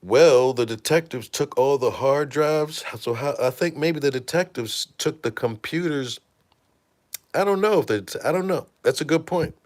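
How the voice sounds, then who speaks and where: Animated, profane male livestream host. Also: a little high, normal speed. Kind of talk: casual livestream commentary.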